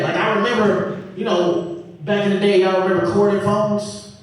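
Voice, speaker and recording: A man's voice: sits high, moderate pace. A man performing a stand-up comedy set, telling stories with animation and acting out his family. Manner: animated storytelling, acts out family members. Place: comedy club stage. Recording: very echoey live room, distant mic, audience noise.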